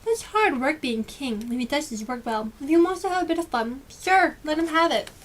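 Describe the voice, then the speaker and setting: A woman's voice: sits high, lively intonation, brisk, far from the mic, voice pushed up. A woman voicing good-natured townsfolk in a storybook, in an easygoing conversational way. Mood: amused.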